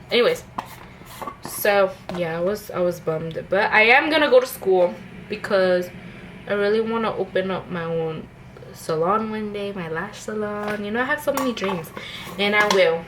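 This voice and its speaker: Chatty young mom rambling at home. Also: female voice, medium pitch, moderate pace, noisy background. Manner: chatty, rambling, with many fillers and restarts. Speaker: vlogger, stay-at-home mom. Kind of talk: casual get-ready-with-me chat. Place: at home, indoors.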